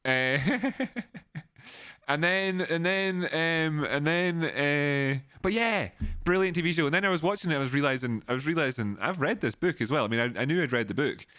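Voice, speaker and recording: A man from Scotland with an Edinburgh accent hosts a laid-back livestream, thanking viewers and reading donations with lots of rambling and restarts. His fairly high voice is brisk, pushed, bright, and smooth, recorded at studio quality without room sound.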